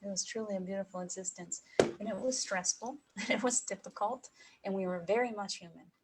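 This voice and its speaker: A middle-aged woman giving a heartfelt personal talk to an audience, emotional and pausing, with soft laughs. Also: mid-range voice, slight background noise, low-quality recording. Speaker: speaker at an evening talk.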